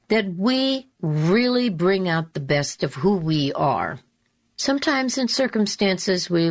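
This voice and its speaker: A woman talk show host telling a story in a slow, deliberate, emphatic way, repeating her key phrases. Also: deep voice. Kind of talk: storytelling monologue.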